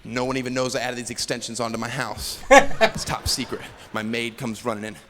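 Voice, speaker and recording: A man doing a stand-up routine, telling a story with animated delivery and acting out characters' voices. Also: mid-range voice, fast talker, a crowd in the background. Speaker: stand-up comedian. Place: comedy stage. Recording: echoey noisy live stage recording.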